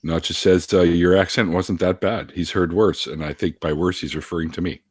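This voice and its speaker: A man's voice: low voice, fairly even intonation, normal speed, slightly rough, no echo, clean studio sound. A laid-back man in a casual group chat, reading viewer comments aloud. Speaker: guest.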